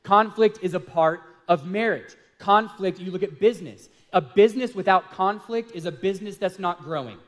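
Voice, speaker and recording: A man's voice: high-pitched, moderate pace, hardly any pauses, a bit bright. A man co-hosting a talk on marriage, speaking earnestly in a casual sermon style and telling self-deprecating stories. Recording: hall reverb.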